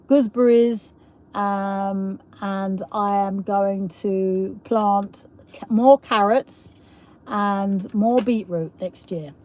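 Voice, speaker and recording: A middle-aged woman with a South East London accent chats casually on her live stream. She rambles from one thought to the next, laughs often and reads viewers' comments aloud. Her voice sits at an ordinary pitch for a woman. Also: a little mellow. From England. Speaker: livestream host.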